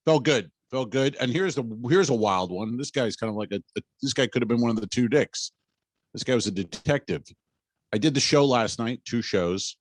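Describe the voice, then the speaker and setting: A man's voice: mid-range voice, expressive, normal speed, no echo, studio quality. A man, a comedian and podcast co-host, telling a story in casual chat and acting out the dialogue.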